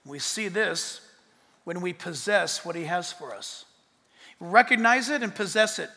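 A high, bright-toned man preaches a sermon with lots of energy. He swings from loud bursts to near-whispers and slips in jokes along the way. His voice rings through a large hall with a long echo. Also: unhurried. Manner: animated, swings from loud to hushed, joking asides. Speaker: pastor.

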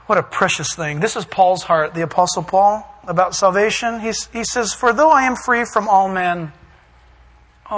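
A man preaching a sermon, reading verses and acting out scenes with shouts and put-on voices. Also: high voice, big-room sound, rough recording. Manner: animated, acts out voices and shouts for emphasis.

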